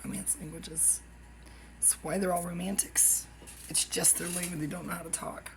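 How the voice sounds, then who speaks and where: Woman vlogger, gravelly fry, rambling monologue, topic-hopping with whispered asides, faint hiss behind. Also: fairly low pitch, fairly even intonation, normal speed. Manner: stream-of-consciousness, jumps between topics, drops into whispered asides. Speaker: YouTuber.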